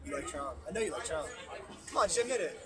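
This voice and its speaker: A man's voice: fairly high pitch, sing-song, fast, a crowd in the background. A man on a street heckling a speaker with mocking, needling questions, heard off-mic. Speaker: heckling passerby. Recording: loud street noise, off-mic.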